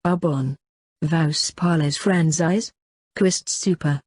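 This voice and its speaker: A woman reading the lines of a brisk, snobbish mother in an audiobook, in an affected way. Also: low voice, darkish tone, husky, no room sound, heavily acted.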